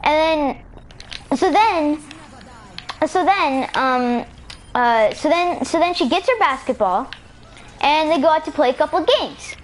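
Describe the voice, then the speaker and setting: A woman's voice: high-pitched, animated, a little slow, long pauses, a little hiss or hum. A young woman rambling through a story with many fillers and restarts in casual game voice chat on a headset. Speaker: player in team voice chat.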